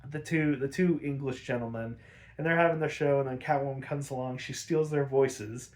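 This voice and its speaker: A man's voice: medium pitch, steady tone, normal speed, a little mellow. A man hosting a podcast, casually recapping cartoon episodes with sarcasm, frequent laughter and swearing. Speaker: podcast host.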